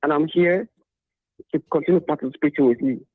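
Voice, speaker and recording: A man's voice: fairly high pitch, fairly quick, no echo. A man calling into a radio show, arguing politics emphatically with repeated points and rhetorical questions. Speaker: caller. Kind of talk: political call-in commentary. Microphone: phone. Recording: tinny phone line.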